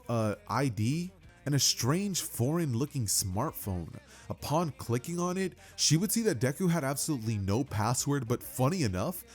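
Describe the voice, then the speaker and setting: A man casually narrating a fan-made story, chatty, with fillers and asides to the listener. His voice is husky and lively in pitch, with faint music underneath.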